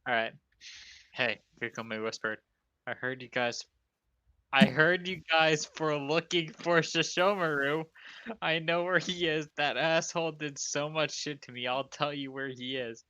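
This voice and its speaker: A man's voice: medium pitch, steady tone, measured pace, bright, forceful tone, clear, resonant tone, no room sound. A man reading bad fan fiction aloud for laughs, hamming it up in a mock Scottish accent after a few drinks. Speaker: guest reader on a comedy stream. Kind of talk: comic read-aloud with a put-on voice.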